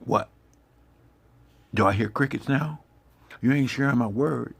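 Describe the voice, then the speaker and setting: A man's voice: medium pitch, unhurried, creaky, breathy edge. A man giving an impassioned, confrontational monologue, swearing heavily and lecturing his listeners. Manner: preachy, confrontational, heavy swearing.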